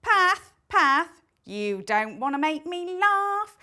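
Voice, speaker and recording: A woman's voice: very high voice, very animated, takes it slowly, bright, forceful tone, voice pushed up, heavily acted. A woman voicing a scornful inner critic who mocks and belittles. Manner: mocking, contemptuous.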